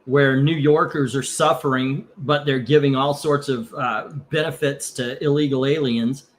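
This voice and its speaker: A man hosting a casual live comic book auction. He rambles between lot calls, curses freely and gets heated before calming himself down. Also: medium pitch, moderate pace, a little hiss or hum. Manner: rambling, cursing, gets heated over politics then calms down.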